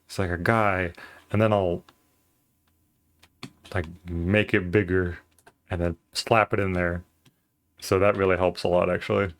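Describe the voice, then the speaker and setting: Guy streaming his drawing, lowish voice, lots of likes and ums, goofy and laid back. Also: flat delivery, a little slow, long pauses, fairly bright tone. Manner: rambling, filler-heavy, playful. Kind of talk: casual chat while drawing on stream.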